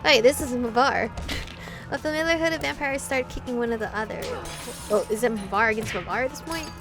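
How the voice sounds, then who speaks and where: A young woman playing through a visual novel and reading it aloud, breaking off for animated, laughing asides. Her voice sits a little high, and game music plays steadily underneath. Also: brisk. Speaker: gaming video host.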